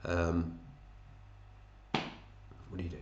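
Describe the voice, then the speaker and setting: A man's voice: low-pitched, completely flat delivery, extremely slow, roomy sound, lo-fi sound, a little hiss or hum. A man hosting a fantasy football league, chatting casually and matey as he runs through scores and thinks aloud. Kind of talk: casual commentary over a screen.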